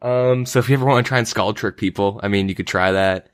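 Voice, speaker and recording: Talking fast in a lowish, smooth voice, a young man from Canada hosts a gaming podcast. His chat is casual and relaxed, heavy on "like" and "um." The sound is dry and clean, as in a studio.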